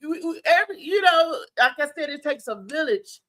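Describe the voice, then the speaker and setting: Bright-voiced woman telling lively stories. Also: high voice, fairly quick. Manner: animated storytelling, laughs often. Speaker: talk show host. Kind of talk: casual chat.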